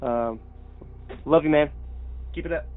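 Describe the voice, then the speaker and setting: A male caller telling a personal story over the phone, halting and repeating himself as he goes. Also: fairly high pitch. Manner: halting, repeats words, restarts often. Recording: tinny phone line.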